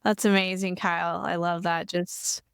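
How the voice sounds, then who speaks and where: A woman's voice: lowish voice, flat delivery, normal speed, vocal fry, a bit bright, clear, resonant tone, no room sound, clean studio sound. A woman hosting a podcast interview, affirming her guest and asking encouraging questions. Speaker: podcast host.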